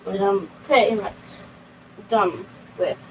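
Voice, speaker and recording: A young woman chatting casually on a live stream, rambling and halting as she talks to her chat from a home computer setup. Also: mid-range voice, steady tone, a little hiss or hum, poor audio.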